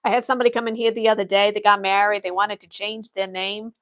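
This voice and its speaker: A fast talker with medium pitch and little pitch movement, this young woman runs an in-character livestream Q&A as an Imperial office worker, replying to chat in a dry, matter-of-fact way.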